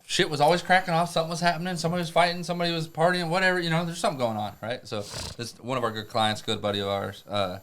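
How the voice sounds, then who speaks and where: A man telling rough stories on a podcast, profane and rambling, laughing through them. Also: on the high side, rapid-fire, few pauses, fairly bright tone, a little hiss or hum. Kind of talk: casual storytelling.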